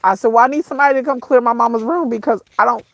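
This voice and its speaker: A vlogger tearfully tells her viewers a painful personal story, calling them "y'all." She halts and repeats herself, and her slightly high, somewhat bright voice breaks at times.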